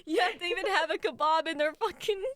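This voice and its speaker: A woman's voice: extremely high pitch, quick pace, fairly bright tone, no room sound. A woman whose first language is German, chatting casually on a stream, teasing and laughing a lot.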